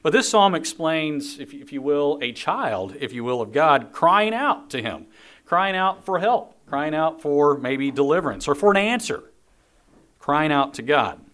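A man's voice: fairly high pitch, sing-song, unhurried, a bit bright. Earnest man preaching on a psalm. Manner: earnest, repeats key phrases, reads scripture aloud. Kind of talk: sermon on a psalm.

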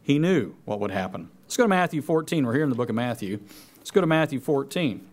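A man's voice: mid-range voice, animated, fast. A man preaching a sermon, reading scripture aloud and repeating key phrases for emphasis. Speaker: pastor.

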